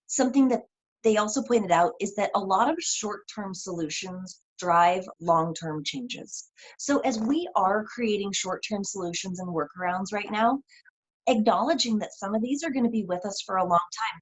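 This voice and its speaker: A woman's voice: mid-range voice, normal speed, husky, poor audio. A woman co-hosting a deathcare webinar over a video call, talking in an earnest, reflective way with many fillers. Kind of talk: casual panel chat on video call.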